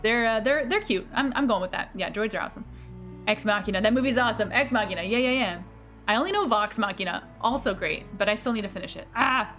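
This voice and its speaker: A woman's voice: mid-range voice, fast, a bit bright, soft background music. A woman streamer chatting casually and bubbly with her viewers, laughing often and teasing herself. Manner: bubbly, giggly, self-teasing, reacting to chat. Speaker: game streamer.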